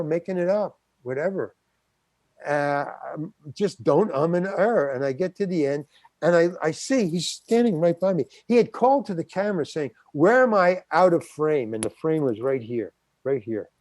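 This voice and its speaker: An older man tells a story as an interview guest, slightly high-pitched and close to a dry mic. He stammers, restarts and performs the other people's voices as he goes. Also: moderate pace, no echo. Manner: animated, acts out quoted voices, stammers and restarts. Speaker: guest actor.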